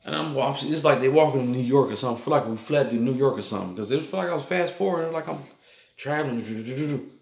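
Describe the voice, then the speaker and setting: A man's voice: medium pitch, fast talker, gravelly, a little mellow. A man with a mid-range voice talks through a dream in a loose, rambling monologue, circling back on himself with fillers. His voice bounces around a roomy, echoey space. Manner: rambling, repetitive, loose filler-heavy storytelling. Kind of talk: rambling dream recounting to camera. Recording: echoey room.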